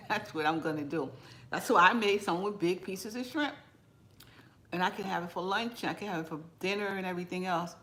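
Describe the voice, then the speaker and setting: A woman hosting a home cooking channel, chatting casually with viewers while she eats, relaxed and laughing often. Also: fairly low pitch, normal speed. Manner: chatty and relaxed, talks between bites and greets viewers by name. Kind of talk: casual live chat while eating.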